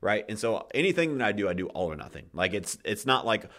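A man with a very deep voice hosts a podcast in a casual, heartfelt way. He talks with passion, swears freely and restarts his sentences, and he gets emotional as he tells his story. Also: sing-song, quick pace, hardly any pauses. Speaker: podcast host.

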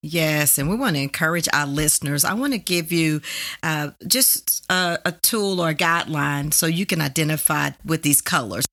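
Bright-voiced woman explaining a tool. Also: sits low, moderate pace. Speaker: podcast host. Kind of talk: faith-based couples talk.

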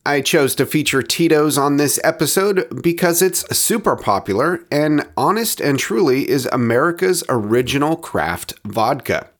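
A man hosting a podcast, describing a bottle and tasting it in a measured, descriptive way, with quieter asides as he handles it. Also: fairly high pitch, lively intonation. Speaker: podcast host reviewing spirits. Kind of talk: scripted review narration.

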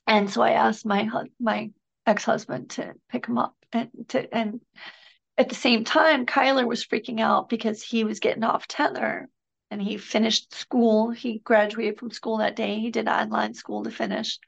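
Podcast guest: middle-aged woman, earnest and halting, raspy-edged high voice, muffled remote recording. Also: flat delivery. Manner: earnest, halting, emotional recounting. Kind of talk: personal storytelling in a conversation.

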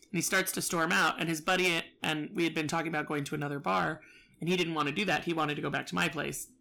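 A woman's voice: low voice, fairly even intonation, quick pace, creaky, sharp tone. A woman telling a story in casual chat, profane and exasperated, acting out both sides.

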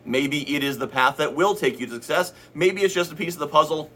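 Guy giving his team a pep talk, bright kinda husky voice, earnest and chatty. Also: fairly high pitch, brisk. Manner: earnest, conversational, acts out inner voices. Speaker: team leader giving an update.

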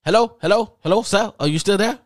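A man's voice: high voice, quick pace, no room sound, clean studio sound, voice pushed up, lightly acted. A man putting on a curt phone agent's accent. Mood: dismissive. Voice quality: put-on accent. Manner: clipped, impatient, brushes off the caller.

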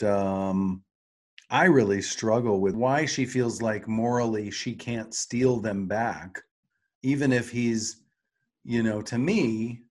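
A man's voice: on the low side, a little mellow. A middle-aged man co-hosting a podcast, talking through an episode in a thoughtful, analytical way. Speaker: podcast co-host. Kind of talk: casual rewatch discussion.

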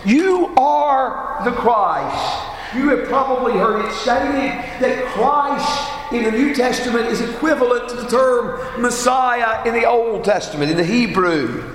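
A man preaching a sermon, teaching in a measured, emphatic way and repeating rhetorical questions. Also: very high voice, a bit bright, a little hiss or hum. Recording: echoey hall with long reverb.

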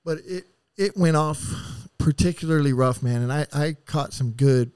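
A man telling rough stories as a podcast guest, casual and full of swearing, rambling and acting out what people said. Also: fairly high pitch, moderate pace, a little mellow, no room sound, clean studio sound. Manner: profane, rambling, acts out quotes. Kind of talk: casual storytelling.

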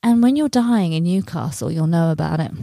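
A woman comedian with a fairly low, mellow voice tells tour stories to camera in a loose, self-deprecating way. She swears casually and sounds dry and close to the mic. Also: animated, fairly quick, gravelly, no room sound. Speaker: touring stand-up comedian.

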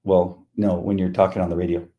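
Heard through phone-quality sound, this middle-aged man's low voice is brisk with a flat delivery. As a podcast co-host in casual chat, he's a laid-back storyteller who acts out quotes.

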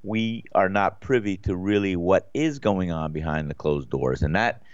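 A man's voice: sits low, moderate pace, clean tone, dry recording. A man co-hosting a show, laid-back and joking. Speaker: co-host. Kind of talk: casual show talk. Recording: dull dry sound.

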